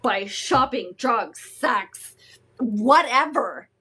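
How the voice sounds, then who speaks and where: A woman hosts a live coaching session, speaking frankly and emphatically with casual swearing. Her voice is on the high side, and she talks slowly and deliberately. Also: lively intonation, husky. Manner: frank, emphatic, profane, greets viewers warmly. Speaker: host and emotional wellness coach. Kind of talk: live-streamed teaching talk.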